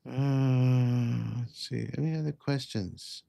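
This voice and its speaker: A man's voice: medium pitch, steady tone, takes it slowly, gravelly, warm tone. A man hosting a casual livestream, answering viewer questions in a chatty, rambling way. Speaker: psychic livestream host.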